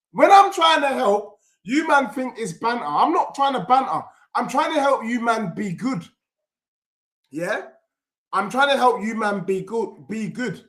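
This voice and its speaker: A young man streaming a live football watchalong, reacting loudly and reading chat messages aloud. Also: sits high. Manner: excitable, loud, reads chat messages aloud.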